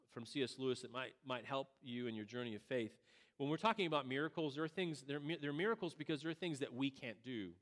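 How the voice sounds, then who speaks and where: A man preaching a conversational sermon, acting out quotes with animated asides. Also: mid-range voice. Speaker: pastor. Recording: long hall reverb.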